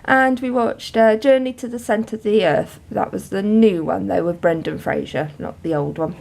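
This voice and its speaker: A woman talks through her journal in a chatty, rambling way, full of little laughs and ums. Her voice sits at a middle pitch for a woman, and she shows her pages as she talks. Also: normal speed, vocal fry, a little mellow. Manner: chatty, giggly, many ums. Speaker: journal vlogger. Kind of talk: casual chat to camera.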